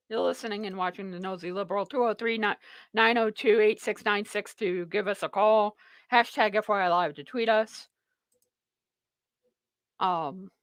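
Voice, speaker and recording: A woman's voice: medium pitch, fairly bright tone, dry recording. A woman hosting a live political talk show, rambling and mocking in a sarcastic tone. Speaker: show host.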